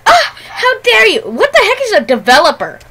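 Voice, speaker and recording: High bright girl doing a let's play, giggly and joking around with her friend. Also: wildly swooping pitch, normal speed. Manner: giggly, playful banter. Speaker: gaming channel host. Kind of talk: casual chat while playing a game.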